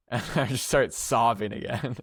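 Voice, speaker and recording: A man's voice: mid-range voice, unhurried, gravelly, a bit bright, breathy edge, no echo, studio quality. A young man co-hosting a podcast, telling a personal story in a rambling, slangy way full of fillers and frequent laughs. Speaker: podcast co-host. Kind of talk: casual storytelling chat.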